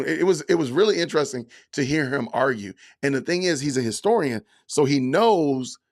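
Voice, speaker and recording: A man hosting a livestream podcast, talking casually to his chat, often slipping into mock-offended sarcasm and drawn-out emphasis. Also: medium pitch. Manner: addresses chat commenters by name. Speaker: podcast host reading live chat.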